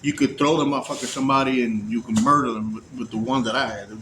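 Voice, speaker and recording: A man casually telling a story, animated and profane, acting out the voices of the people in it. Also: mid-range voice, quick pace, background noise. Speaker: storyteller recounting prison release.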